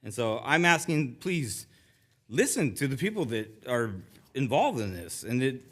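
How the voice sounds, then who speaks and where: Middle-aged man, nervous, emotional, halting speech, public comment in a council chamber, podium mic. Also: medium pitch, very animated, a bit bright. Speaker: resident giving public comment.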